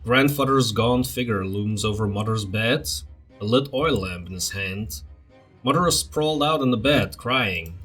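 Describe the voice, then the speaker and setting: A let's play host reads the game's text aloud like a storybook and breaks off for blunt comments. His voice sits at a middle pitch. Faint music plays under him. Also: normal speed, a bit bright. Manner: dramatic storybook reading, blunt asides. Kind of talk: reading game text aloud with casual comments.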